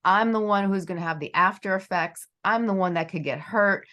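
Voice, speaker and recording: A woman's voice: mid-range voice, normal speed, sharp tone. A middle-aged woman hosting a podcast interview in a casual, rambling way, leaning on "you know" a lot. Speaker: podcast host.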